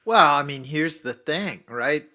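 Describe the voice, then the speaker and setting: A man's voice: on the high side, expressive, measured pace, bright, forceful tone. A man co-hosting a political talk radio show, emphatic, tossing in "right?" as he argues. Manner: emphatic, repetitive "right?" asides. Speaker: radio co-host.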